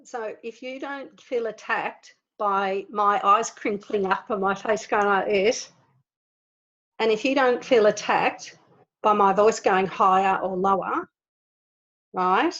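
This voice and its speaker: A woman leading an online group in an informal spiritual talk, earnest and animated, laughing often as she explains. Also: mid-range voice, slow pace, dull audio. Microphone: video call.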